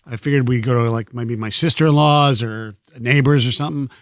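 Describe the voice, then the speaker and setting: A man's voice: mid-range voice, fairly quick, no echo, clean studio sound. A man hosting a sports radio talk show, telling a rambling, exasperated story with many restarts. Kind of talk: casual sports radio banter. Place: radio studio. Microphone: studio microphone.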